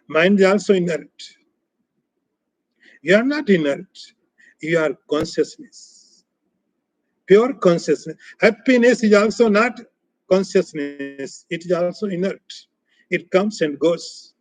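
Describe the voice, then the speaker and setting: A man teaching as a spiritual teacher in a scripture lecture, speaking in short, emphatic, repeated phrases that often trail off softer. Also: sits high, lively intonation, takes it slowly, pauses often, no echo, low-quality recording.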